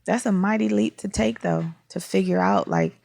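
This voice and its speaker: A woman's voice: medium pitch, moderate pace, creaky, a little mellow, no room sound. A woman speaking as a podcast guest in casual, reflective conversation, often searching for words.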